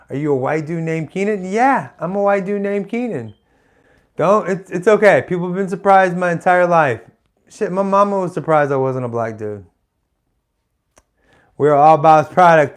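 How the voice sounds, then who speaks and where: A man's voice: high-pitched, clear, resonant tone. A man hosting a morning live stream of stand-up, rambling and self-deprecating with casual swearing, talking to a webcam in front of a green screen. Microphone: webcam live stream setup.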